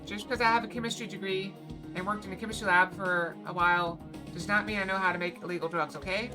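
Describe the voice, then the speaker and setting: A woman streamer gives casual let's-play commentary full of rambling, joking asides. Her voice sits at a middling pitch. Loud game music plays underneath her talk. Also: fairly even intonation, quick pace.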